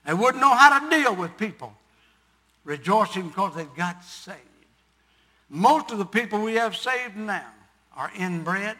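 An older man preaching a sermon, telling a story and building to loud, emphatic preaching. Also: high-pitched, animated, a little slow, big-room sound.

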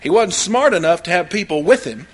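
Folksy high-voiced older preacher. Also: male voice, expressive, fairly quick, slightly rough. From Oklahoma. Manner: folksy, rambling, with anecdotes and frequent fillers. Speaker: pastor. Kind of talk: sermon.

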